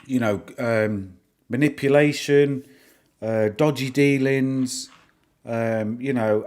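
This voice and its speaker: A middle-aged man chatting through a live stream at a mid-range pitch. He rambles from point to point in a casual, easygoing way, often amused by his own asides. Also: a little mellow. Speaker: stock-market live streamer.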